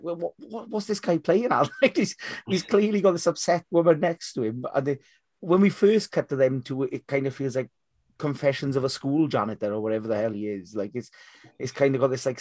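A man co-hosting a casual film podcast over a remote call, animated and swearing casually. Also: medium pitch, no room sound, studio quality. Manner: animated, swears casually, laughs while talking. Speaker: podcast co-host.

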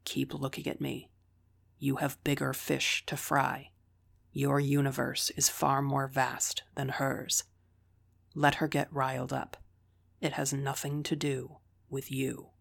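A woman voicing a calm, kind teenage boy who speaks softly and steadily, at times in a whisper. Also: takes it slowly, vocal fry, exaggerated voice. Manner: soft, low and steady, half-whispered.

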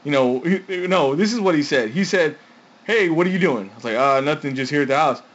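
A man's voice: on the high side, lively intonation, a little fast. Chatty man on a lo-fi podcast. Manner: chatty storyteller, laughs often, acts out quotes. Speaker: podcast co-host. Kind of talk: casual podcast chat. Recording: dull lo-fi sound.

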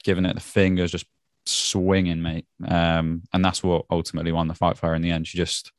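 Deep-voiced man recapping fights casually. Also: monotone, brisk, no room sound. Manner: laid-back, laughs often, British slang like "mate". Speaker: podcast co-host.

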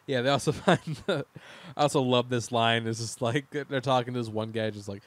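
A man's voice: medium pitch, fairly quick, no room sound. A man in casual podcast chat, recapping a TV miniseries scene by scene, rambling and laughing with frequent restarts. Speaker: podcast co-host.

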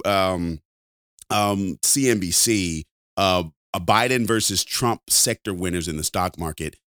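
A man with a low, smooth voice co-hosts a podcast, talking loosely with restarts and easy laughter. The sound is dry and close. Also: a bit bright, no room sound. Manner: rambling, laughs often, repeats words. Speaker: podcast co-host. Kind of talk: casual chat.

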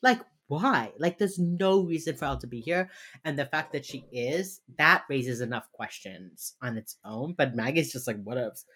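A young woman with a low voice that swings widely in pitch as she recaps an episode. She chats casually and slips into quick impressions of the characters while she retells scenes. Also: husky. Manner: animated, acts out characters' lines while retelling. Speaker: podcast co-host recapping a TV episode. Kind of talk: casual chat.

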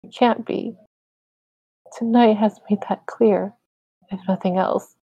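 A woman reading aloud voices a shaken, tearful young woman in a higher, tremulous voice. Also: fairly even intonation, slow, dark tone, breathy edge, dry recording, lo-fi sound. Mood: tearful, despairing.

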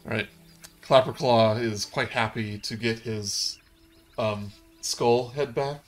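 A man's voice: medium pitch, fairly even intonation, takes it slowly, faint music behind. A man narrating a tabletop game as game master, in a loose, rambling way full of fillers.

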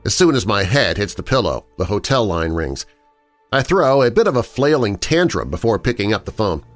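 A man narrating a first-person horror story in an expressive storytelling manner. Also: lowish voice, moderate pace, soft background music.

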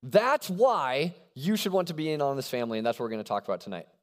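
Young guy preaching to college kids, lively, keeps asking "okay?", big echoey hall. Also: medium pitch, fast talker. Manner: animated, conversational with frequent check-ins. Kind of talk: sermon. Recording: long hall reverb.

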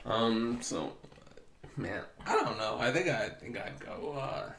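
A man of middle pitch chats casually on a podcast, relaxed and quick to laugh. He puts the questions to his co-host, and the sound rings in an echoey room. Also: vocal fry, a little hiss or hum. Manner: easygoing, laughs often, asks the questions.

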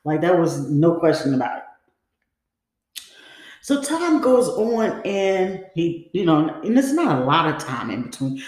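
A woman's voice: on the low side, very animated, unhurried, darkish tone. Woman confiding her story in an echoey room. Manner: casual, confiding, acts out quoted dialogue; frequent fillers like "you know" and "like". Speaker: podcast host. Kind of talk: personal storytelling.

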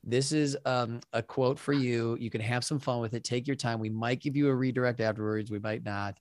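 A man's voice: medium pitch, steady tone, fairly quick, darkish tone, no echo. Man, podcast host, mid-range voice, upbeat, encouraging, jokey, dry close mic. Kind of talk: casual podcast interview.

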